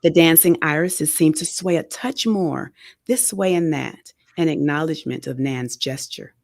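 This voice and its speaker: Woman author, low gravelly voice; measured, expressive reading of her memoir, dry studio sound. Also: dry recording. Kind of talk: reading a memoir excerpt aloud. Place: radio studio. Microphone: studio microphone.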